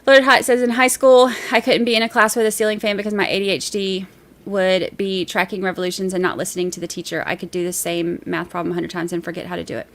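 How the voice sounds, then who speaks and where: A woman's voice: mid-range voice, flat delivery, fast, a bit bright. Chatty woman hosting a livestream. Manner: chatty, rambling, laughs easily. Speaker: livestream host reading viewer chat. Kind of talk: casual livestream chat.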